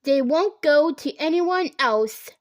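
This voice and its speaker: A giddy young hairdresser, put on by a woman reading a storybook, gushing with breathless emphasis. Her voice sits very high and moves slowly, recorded close and dry. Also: expressive, no room sound. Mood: bubbly.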